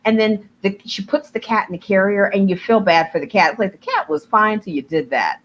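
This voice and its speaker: Animated woman guest acting out scenes. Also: mid-range voice, brisk, hardly any pauses, slight background noise. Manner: animated, acts out scenes with voices. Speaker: podcast guest. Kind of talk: casual film discussion.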